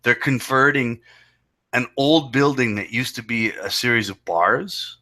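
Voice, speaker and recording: A man's voice: mid-range voice, measured pace, pushed and bright. A man co-hosting a casual chat podcast, talking in an incredulous, profane and emphatic way. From Canada. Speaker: podcast co-host.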